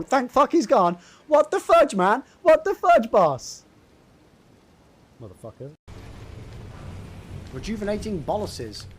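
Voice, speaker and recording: Excitable high-voiced male streamer. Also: slow, long pauses, slightly rough. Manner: excitable, swears, yelps and exclaims at the game. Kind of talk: live gameplay streaming. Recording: game music playing under the voice.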